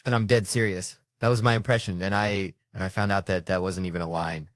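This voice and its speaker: Man, very low voice, stand-up comic, animated and foul-mouthed storytelling, dry close sound. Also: brisk, no room sound. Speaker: comedian. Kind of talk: stand-up comedy.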